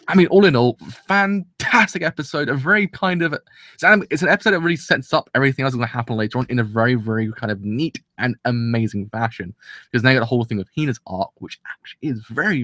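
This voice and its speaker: Fast-talking guy rambling about anime. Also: mid-range voice, no room sound, clean studio sound. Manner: rambling, excitable, full of restarts and "kind of". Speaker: anime reviewer. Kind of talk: casual episode review.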